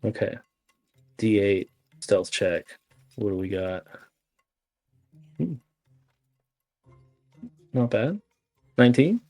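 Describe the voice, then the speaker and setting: Hesitant, low-voiced player. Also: male voice, very animated, takes it slowly, long pauses, darkish tone, no echo, faint music behind. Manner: hesitant, filler-heavy. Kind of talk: casual tabletop play.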